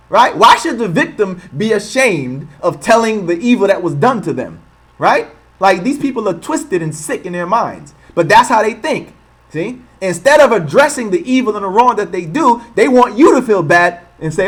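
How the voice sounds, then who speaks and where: A man's voice: fairly high pitch, lively intonation, moderate pace. A man hosting an online livestream, talking in an impassioned, rhetorical way and repeating points for emphasis. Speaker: channel host. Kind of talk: livestream commentary.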